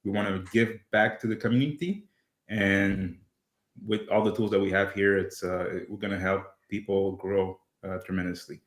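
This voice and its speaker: A man on a trading livestream panel speaking quietly and earnestly. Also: deep voice, fairly even intonation, moderate pace, echoey room. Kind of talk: casual livestream panel talk.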